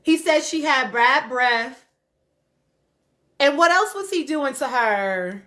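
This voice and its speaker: Woman livestream host, high voice, unhurried, laughs a lot, casual chat to viewers. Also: expressive, pushed and bright. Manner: laughs often, talks straight to viewers as "y'all". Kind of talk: casual live-stream chat reacting to comments.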